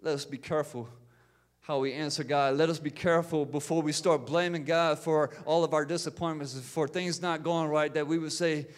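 A pastor preaching a sermon, building in fervor, with repeated words and calls of amen. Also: male voice, on the high side, steady tone, moderate pace.

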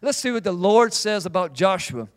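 A middle-aged male pastor preaching a sermon in an animated way. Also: high voice, moderate pace. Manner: animated, acts out biblical figures in quoted voices.

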